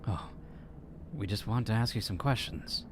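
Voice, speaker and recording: Corum, a man voicing a calm companion. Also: on the low side, moderate pace, very noisy, close to an everyday voice. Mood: soothing. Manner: soothing, gentle. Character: calm reassuring male companion, gentle.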